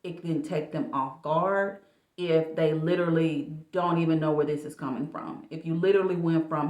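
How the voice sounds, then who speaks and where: A low-voiced woman coach gives dating advice in a loose, chatty vlog manner. Her voice bounces around an echoey room, as if picked up by a camera a little way off. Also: moderate pace. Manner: chatty, casual, animated. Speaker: life coach.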